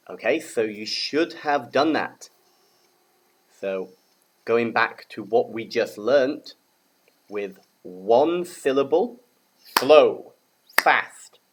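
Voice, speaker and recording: A man from the UK teaching a grammar lesson to young learners, speaking slowly and repeating words for them to echo. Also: lowish voice. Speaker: English teacher.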